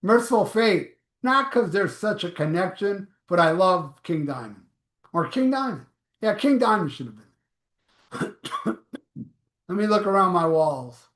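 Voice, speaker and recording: A man's voice: high voice, sing-song, measured pace, long pauses, a bit bright, reverberant. A man hosting a live stream, reading viewer comments aloud in a blunt, offhand, profane way. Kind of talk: casual live chat.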